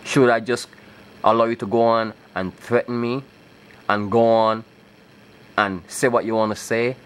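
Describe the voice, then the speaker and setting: Male video blogger, mid-range pitch, fervent sermon-style rant, keeps asking "okay?". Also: level tone, unhurried, smooth. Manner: emphatic and insistent, often repeats himself with "okay?"; breaks into rising, scripture-like declamation. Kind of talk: preaching monologue to camera.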